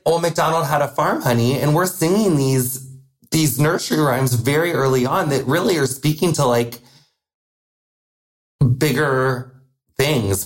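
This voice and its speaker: A young man hosting a podcast, talking in a campy, chatty way with quick asides and playful jabs. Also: on the high side. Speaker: podcast host. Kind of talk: casual chat.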